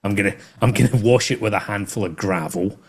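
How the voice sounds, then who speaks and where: A man's voice: on the low side, fast, slightly rough. A man hosting a podcast, teasing his guests with crude jokes in casual banter.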